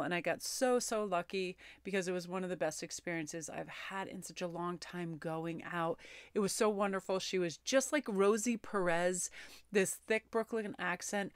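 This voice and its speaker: A woman's voice: fairly low pitch, clean tone, no echo. Woman, tarot vlogger, bubbly, gushing, casual chat, dry close mic. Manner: bubbly, gushing, talks with many fillers. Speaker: tarot reader. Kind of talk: chatty personal vlog.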